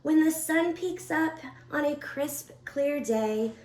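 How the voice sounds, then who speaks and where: A woman working as a children's librarian, reading a picture book aloud in a playful, expressive way. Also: sits high, takes it slowly. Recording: echoey room.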